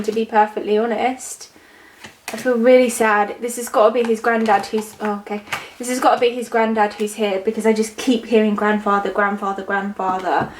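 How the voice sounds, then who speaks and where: A woman's voice: a little high, slight background noise. A young woman doing a casual tarot reading to camera, chatty and rambling with frequent ums. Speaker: psychic tarot reader.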